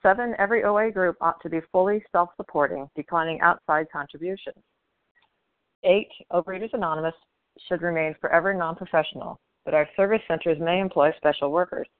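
Clear-voiced woman reading over a phone. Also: on the low side, a little fast, no echo. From Florida. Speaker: meeting member. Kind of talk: reading traditions aloud. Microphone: phone call. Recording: tinny dry phone line.

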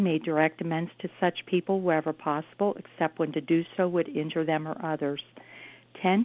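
A woman from Ohio reads a numbered list at a meeting in a steady, even way. Her voice is a little low, and the phone line flattens and thins it. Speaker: meeting member. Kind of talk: reading steps aloud. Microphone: phone call.

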